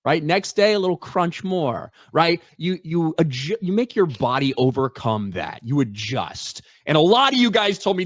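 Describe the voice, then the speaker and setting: A man's voice: fairly high pitch, big pitch swings, moderate pace, hardly any pauses, no room sound, studio quality. A man hosting a podcast, talking casually in a brash, profane, mocking way. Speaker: podcast host. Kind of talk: casual chat.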